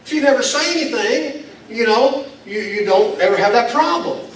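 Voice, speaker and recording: A male pastor with an extremely high, expressive voice preaches a folksy, self-deprecating, conversational sermon at a moderate pace, chuckling now and then. The church meets in a school building, and the recording has an echoey hall, a distant mic and faint noise.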